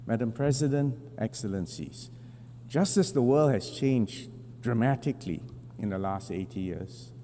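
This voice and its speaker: A man giving a formal prepared speech to a large assembly, in measured, deliberate phrasing with emphatic stresses, at a podium microphone. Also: mid-range voice, mellow. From Singapore. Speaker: national representative addressing the General Assembly. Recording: long hall reverb with faint hum.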